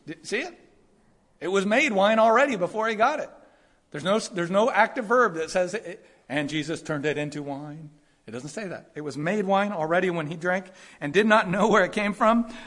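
High-voiced animated male preacher. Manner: animated, acts out quoted voices, laughs often. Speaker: pastor. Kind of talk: sermon.

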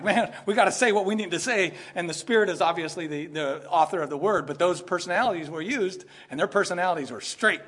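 A man preaching an expository sermon in a lively way, often laughing and acting out quoted voices. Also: high voice. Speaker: pastor.

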